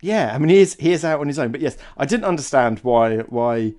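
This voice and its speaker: A man's voice: mid-range voice, expressive, fairly quick, darkish tone. A man co-hosting a film podcast in casual chat, musing aloud, hesitant, often trailing off and restarting. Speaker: podcast co-host.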